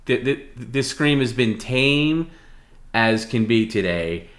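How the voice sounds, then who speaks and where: A man co-hosting a live stream, giving bossy, deadpan instructions. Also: mid-range voice, slow, roomy sound. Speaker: stream co-host.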